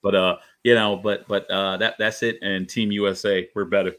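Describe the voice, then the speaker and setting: A man's voice: on the low side, little pitch movement, normal speed, a bit bright. A man giving his take on a review panel over a video call. He rambles and repeats words. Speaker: co-host and reviewer. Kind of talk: casual panel review chat.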